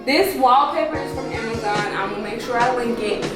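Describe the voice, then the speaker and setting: A chatty young woman with a fairly high voice, swearing freely and calling her viewers y'all as she gives a casual tour of her salon suite. The room is open and echoey, and music plays clearly behind her. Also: brisk. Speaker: salon owner vlogger. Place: open loft-style salon suite with no ceiling.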